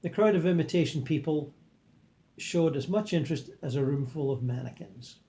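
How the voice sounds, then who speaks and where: A man reading a book aloud in a calm, earnest manner and adding his own comments. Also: a little high, moderate pace. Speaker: reader and commentator.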